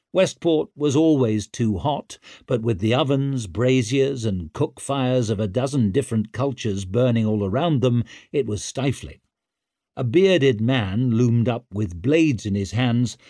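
A man reading a fantasy novel aloud in a vivid, expressive storytelling manner. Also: medium pitch, no echo, clean studio sound. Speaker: audiobook narrator. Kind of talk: scripted fantasy narration.

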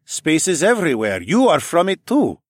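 A man voicing a blunt, stoic male alien who speaks in slow, clipped phrases. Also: fairly high pitch, sing-song, fairly bright tone, dry recording, clean studio sound, voice pushed up, heavily acted.

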